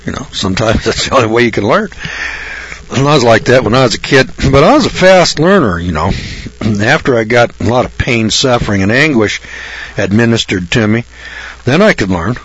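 Blunt, folksy male preacher; husky, somewhat low, dry close sound. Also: animated, a little fast, a bit bright, no room sound. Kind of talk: folksy Bible sermon. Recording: dull lo-fi recording.

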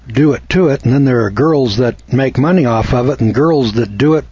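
American man, husky, unhurried preachy monologue host, dull dry lo-fi sound. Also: medium pitch, a little mellow, dry recording. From United States. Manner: slow, deliberate, spells words out letter by letter; preachy, cites scripture references. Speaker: commentator. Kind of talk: opinionated monologue.

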